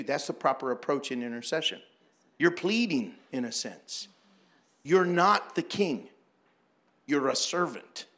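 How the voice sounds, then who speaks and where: A man preaching a sermon, animated and joking, acting out prayers as he teaches. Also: a little high. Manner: animated, jokes and acts out prayers. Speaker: pastor.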